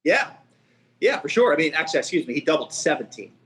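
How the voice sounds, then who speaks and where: A man hosting a podcast, chatting casually in rambling, quick asides and often checking with "right?". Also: fairly high pitch, very animated, fairly bright tone. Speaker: podcast host. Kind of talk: casual chat.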